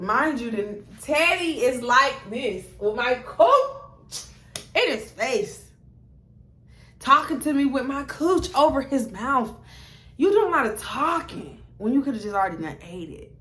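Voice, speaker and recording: A woman's voice: sits high, big pitch swings, measured pace, sharp tone, echoey room. A young woman, telling a blunt, profane story to camera and acting out both sides of the dialogue. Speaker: storytime vlogger.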